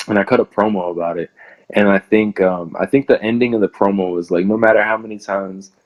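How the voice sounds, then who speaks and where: A young man with a low voice rambles through stories in a relaxed interview, laughing often as he goes. The audio is dull and lo-fi. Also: fairly quick. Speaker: pro wrestler guest. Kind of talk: casual interview.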